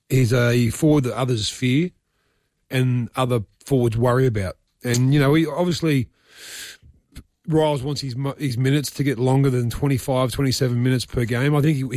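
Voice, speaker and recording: A man's voice: medium pitch, steady tone, moderate pace, a little mellow, no echo, studio quality. A man from Western Sydney with an Australian accent, co-hosting a sports radio show in a chatty, joking way, often repeating words as he goes. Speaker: radio sports co-host, former player. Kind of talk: casual sports radio chat. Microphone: studio microphone.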